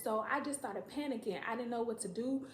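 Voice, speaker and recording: A woman telling a story to camera in a casual, profane, animated way, acting out what people said. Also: fairly high pitch, fairly quick, a little hiss or hum. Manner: profane, animated, acts out quotes. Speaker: storytime vlogger. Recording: echoey room.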